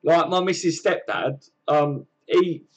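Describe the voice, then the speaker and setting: A man's voice: a little high, animated, takes it slowly. A man with a southern English accent, hosting a casual live stream and reading out chat messages in matey banter full of fillers. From southern England.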